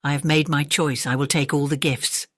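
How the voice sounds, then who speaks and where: Bedtime-storybook crab, read by a storyteller: male, proud and demanding, mid-pitched, bone-dry sound. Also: fairly even intonation, normal speed, fairly bright tone, dry recording, natural voice. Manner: demanding, bargaining. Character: proud giant male crab bargaining with a magician. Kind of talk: storybook reading.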